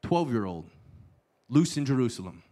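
Guy preaching, lots of pitch swings, playful asides, drops to a hush sometimes. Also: moderate pace. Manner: animated storytelling with playful asides and sudden hushed lines. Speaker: pastor. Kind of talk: sermon.

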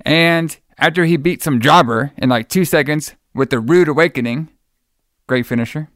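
A man hosts a casual talk show, rambling through a story with easy enthusiasm. His voice is smooth and clear, recorded dry and close. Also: fairly high pitch, normal speed, a bit bright, no room sound. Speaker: podcast host. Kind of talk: casual chat.

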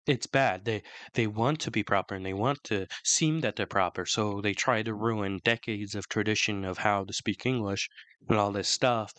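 A man co-hosting a podcast in casual, opinionated chat, rambling with many restarts, his throat still rough from flu. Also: lowish voice, normal speed, fairly bright tone. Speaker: podcast co-host.

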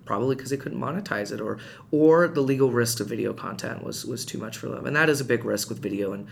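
A man telling a personal story in casual podcast chat, animated and rising in pitch when reliving heated moments. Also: fast talker, creaky, slightly rough. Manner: frequent restarts and fillers, conversational. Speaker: podcast guest.

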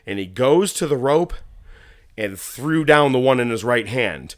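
Here a man with a medium-pitched voice speaks a little slowly, in studio-quality audio with no room sound. He's co-hosting a casual wrestling show, cursing often and acting out people's words as he tells his animated stories.

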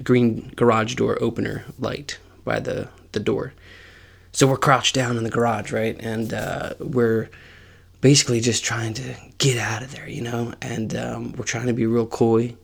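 A man in his forties tells a story on his own podcast, with a gravelly, creaky edge to his voice. He talks casually and with life, and his pitch sits right in the middle. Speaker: podcast host.

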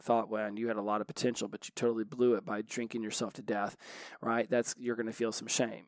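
Fast-talking man in his forties, dry sound. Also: mid-range voice, no echo. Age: 40s. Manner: animated, fast, keeps asking "right?". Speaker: addiction recovery speaker. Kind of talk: casual motivational talk.

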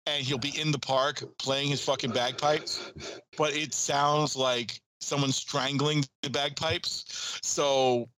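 A man, an archery coach guesting on a podcast, telling stories in animated casual chat and laughing often. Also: mid-range voice, takes it slowly, rough recording.

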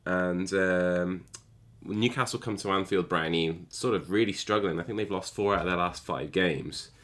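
A man's voice: sits low, moderate pace, fairly bright tone. A man hosting a football podcast, blunt and sweary, moving the chat along. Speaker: podcast host. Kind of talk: casual chat and match discussion.

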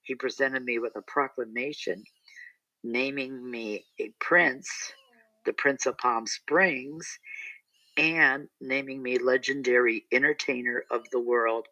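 A man's voice: medium pitch, fairly even intonation, takes it slowly, pushed and bright, no echo, highs cut off. A middle-aged man, an entertainer, telling a rambling story in a casual interview with many restarts and asides.

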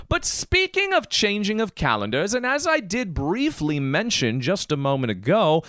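A man hosting a podcast in a casual monologue, theatrical and hyped, breaking into sung and shouted bursts. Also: a little high, wildly swooping pitch, normal speed, dry recording, clean studio sound. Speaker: podcast host.

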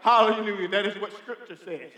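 A man's voice: high-pitched, brisk, pushed and bright. A man preaching a sermon in a church sanctuary, fervent and emphatic, calling out hallelujah and amen. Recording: reverberant church hall.

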